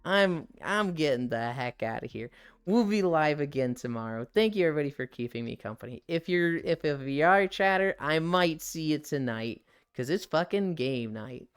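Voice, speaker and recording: A man's voice: a little high, lively intonation, moderate pace, clear, resonant tone. A man chatting candidly on a live stream, swearing freely and laughing often. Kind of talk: casual live-stream chat.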